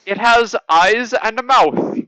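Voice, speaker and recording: A man's voice: high voice, slow pace, bright, forceful tone, no echo, low-quality recording. A man narrating a tabletop game as game master, casual and a little hesitant.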